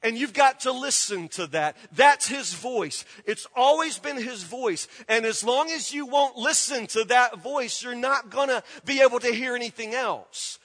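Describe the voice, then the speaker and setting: A man's voice: extremely high pitch, measured pace, hardly any pauses, a bit bright. A man preaching as a pastor, earnest and direct, repeating his points and appealing straight to his listeners. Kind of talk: sermon. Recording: long hall reverb.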